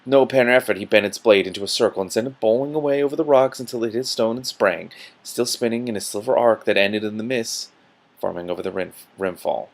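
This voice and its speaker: A man reading a fantasy novel aloud with commentary, stumbling a little and breaking in with quick asides. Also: lowish voice, creaky. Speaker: book reader.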